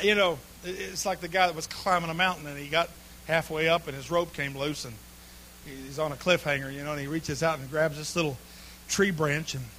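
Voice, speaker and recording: A man preaching a humorous sermon, telling folksy stories with sudden bursts of shouting and laughter. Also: on the high side, slight background noise.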